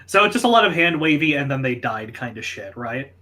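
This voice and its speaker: Bright-toned, blunt man playing a tabletop game. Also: medium pitch, very animated, fairly quick. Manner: blunt, dry, swears casually. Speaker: player. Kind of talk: casual tabletop game chat.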